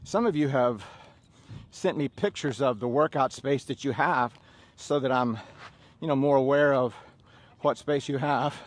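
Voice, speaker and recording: There's no room sound as this middle-aged Southern American man, a fitness instructor, leads his class in an unhurried mid-range voice. Casual stories fill the gaps between his drill-style commands.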